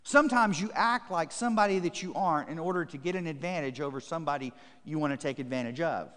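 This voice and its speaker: A man's voice: fairly high pitch, quick pace, fairly bright tone. A man preaching a sermon as pastor to his congregation, building emphatic repeated phrases and reading scripture aloud. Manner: emphatic, repetitive preaching cadence. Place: church sanctuary. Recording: long church reverb.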